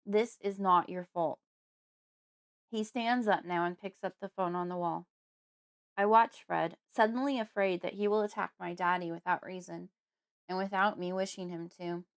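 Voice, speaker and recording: Smooth-voiced woman narrating horror. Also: on the low side, fairly even intonation. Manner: measured, storytelling. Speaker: audiobook narrator. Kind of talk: scripted first-person horror narration.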